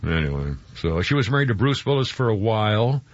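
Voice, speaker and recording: A man's voice: on the low side, big pitch swings, a little fast, no echo. A man hosting a radio show, chatting in a rambling way and stumbling over his words. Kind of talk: morning radio chat. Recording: dull, dry radio broadcast.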